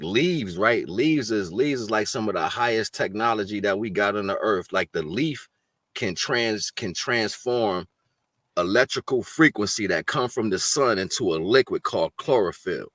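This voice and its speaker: A man with a lowish voice and rambles through a casual livestream chat, musing aloud and checking in with the listener. The sound is dry and close, with no room around it. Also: a bit bright, no echo. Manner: rambling, musing, lots of "you know what I'm saying".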